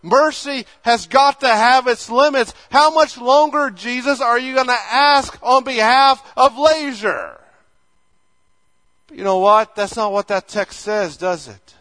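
A man's voice: extremely high pitch, a little slow, bright, forceful tone. A male pastor preaching a conversational sermon, acting out imagined dialogues as he goes.

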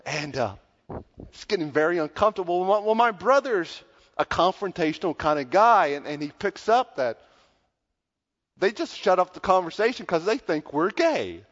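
A pastor preaching a sermon, telling a story in a conversational way that grows loud when excited. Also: male voice, sits high, moderate pace. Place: church sanctuary. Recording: dull sound with long church reverb.

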